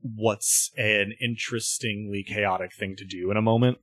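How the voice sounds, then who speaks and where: A man's voice: fairly low pitch, fairly even intonation, normal speed, a bit bright. A man co-hosting a casual podcast chat, rambling with fillers and easy laughs. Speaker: podcast co-host.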